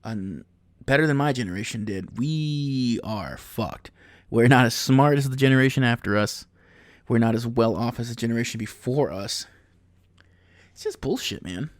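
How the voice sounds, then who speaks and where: A man's voice: medium pitch, moderate pace, no echo, clean studio sound. A man in his thirties, a podcast host rambling through a profane comedic monologue and laughing at his own jokes. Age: 30s.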